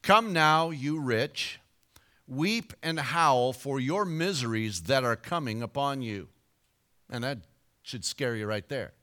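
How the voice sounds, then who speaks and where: A man preaching a sermon, telling a joke story with big swings in volume and slow, emphatic scripture reading. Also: bright, forceful tone. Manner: dynamic storytelling with sudden shifts of volume and pitch.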